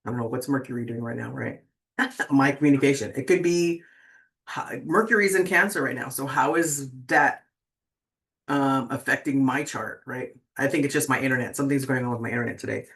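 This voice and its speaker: A sixty-something tarot host chatting casually to viewers at a middling pitch. The talk rambles, with lots of fillers and restarts. The host keeps checking in with a quick "right?". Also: creaky, a bit bright. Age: 60s.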